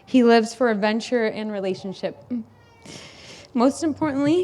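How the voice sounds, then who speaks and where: A woman's voice: a little high, unhurried, pauses often, a little hiss or hum. A young woman, the groom's sister, giving a wedding toast at a reception, laughing often and fighting back tears. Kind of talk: wedding speech.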